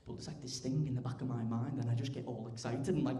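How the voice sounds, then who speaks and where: A teenage man doing a stand-up comedy routine, chatty, tagging lines with "right?" and getting loud when acting out scenes. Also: fairly high pitch, fairly even intonation, brisk, few pauses, crowd noise. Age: teens. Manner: chatty, keeps asking "right?", bursts loud for acted bits. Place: large comedy club stage. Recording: echoey live club room.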